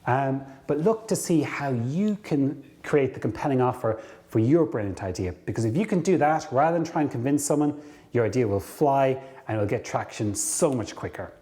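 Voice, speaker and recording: Speaking straight to camera in a mid-range voice, a career coach guides his audience through a story about his work. A lively storyteller, he acts out what people said, then slows right down to drive a point home.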